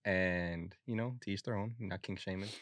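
Laid-back young man, very low voice. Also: moderate pace, a bit bright, dry recording. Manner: laid-back slangy storytelling. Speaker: podcast host. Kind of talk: casual chat.

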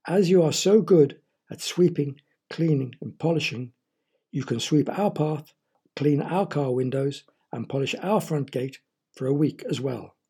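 A man's voice: fairly high pitch, measured pace, dark tone, slightly rough, exaggerated voice. A man voicing a firm, scolding father in a children's story. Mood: teasing. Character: stern but fond father.

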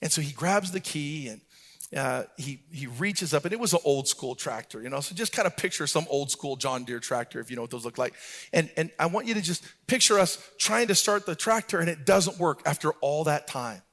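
A middle-aged man preaching from the pulpit with a high-pitched voice. He tells his stories in a relaxed way, then lifts into a sung, rhythmic preacher's cadence. It is a sermon voice through and through. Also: a little fast. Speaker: pastor.

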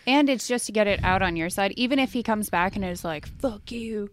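A woman's voice: medium pitch, lively intonation, quick pace, slight background noise. A woman co-hosting a podcast, chatting candidly and mocking herself, often trailing off. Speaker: podcast co-host. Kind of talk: casual chat.

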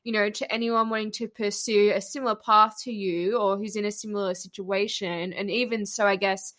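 A woman's voice: medium pitch, flat delivery, a little fast, a bit bright. A woman interviewing in a casual chat, talking with lots of "like" and laughing often. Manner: chatty, laughing, filler-heavy.

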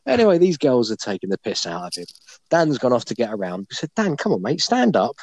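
A man's voice: medium pitch, huge pitch swings, fast talker, a little mellow, no echo. A man hosting a podcast, telling a bawdy anecdote in a casual, laughing way. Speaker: podcast host. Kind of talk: casual storytelling.

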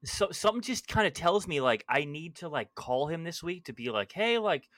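A man's voice: fairly high pitch, big pitch swings, brisk, a bit bright, dry recording. A young man co-hosting a casual podcast, telling easygoing stories with lots of fillers and laughs. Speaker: podcast co-host. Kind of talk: casual chat.

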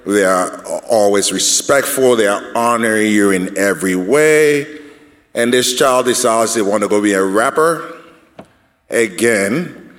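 A man's voice: fairly low pitch, big-room sound. A man speaking as a panelist at a church discussion, earnest and repeating himself as he builds a point.

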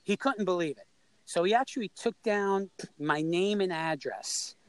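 A middle-aged man from New York tells a story in a relaxed, conversational way. His voice sits fairly high, and he keeps jumping into the voices of the people in it. The sound is close and dry, with no room around it. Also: unhurried, clean tone, dry recording, poor audio. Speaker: storyteller guest. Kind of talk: casual anecdote telling.

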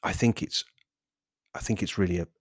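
A man's voice: low-pitched, normal speed, husky, no echo, studio quality. A man hosting a fitness podcast, talking in a rambling, self-correcting monologue. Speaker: podcast host.

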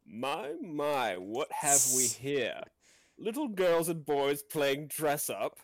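A man voicing a twisted, theatrical villain lord in an amateur table read, speaking slowly with a sneer. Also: on the high side, animated, no echo. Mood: mocking.

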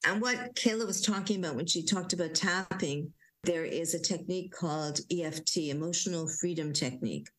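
A woman leading a guided relaxation talk at home, giving slow, soothing instructions with gentle repetition. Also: lowish voice, rough recording. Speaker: parenting coach leading calming exercises.

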